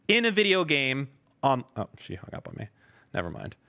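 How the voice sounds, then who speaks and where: A man's voice: mid-range voice, wildly swooping pitch, moderate pace, gravelly, bright, forceful tone. A man co-hosting a podcast in casual chat, blunt and profane, breaking into heated outbursts. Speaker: podcast co-host.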